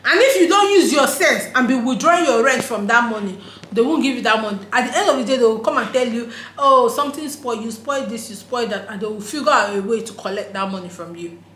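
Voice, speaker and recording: A woman with a Nigerian accent, talking straight to camera in an emphatic, laughing vlog voice that drops into pidgin phrases. Her voice sits high, and the recording carries a roomy echo. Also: lively intonation, fast talker, a bit bright, a little hiss or hum. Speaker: vlogger. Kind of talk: casual opinion monologue.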